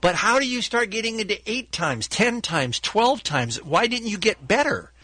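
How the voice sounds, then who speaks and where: A man's voice: sits high, very animated, normal speed, background noise. A man co-hosting a radio show, firing incredulous questions at callers in casual banter.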